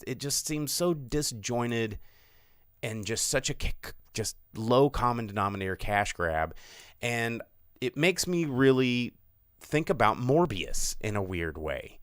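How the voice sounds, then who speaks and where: A man co-hosting a podcast, talking about films in a casual, animated and sarcastic way, often mocking others in put-on voices. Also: fairly low pitch, clear, resonant tone, no echo, clean studio sound. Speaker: podcast co-host. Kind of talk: casual film chat. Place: studio.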